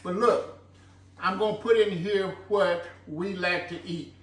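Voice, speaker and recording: A man's voice: high voice, steady tone, a little slow, a bit bright. A man hosts a home cooking video, walking through a stew recipe in a folksy, chatty way. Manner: folksy, chatty, fond of saying "look". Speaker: home cooking channel host. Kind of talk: casual cooking demonstration. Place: home kitchen. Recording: echoey kitchen, mic a bit far off.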